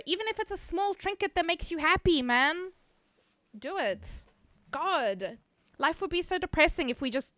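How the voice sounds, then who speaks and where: A woman's voice: high voice, fairly bright tone, no room sound, clean studio sound. A woman streamer chatting casually with her live chat, laughing often, swearing casually, and reading viewer names aloud.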